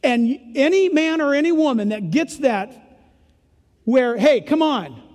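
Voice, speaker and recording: An older man preaching a sermon in a punchy, folksy way that swings between loud emphasis and hushed asides. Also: extremely high pitch, animated, measured pace. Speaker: pastor. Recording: echoey hall reverb.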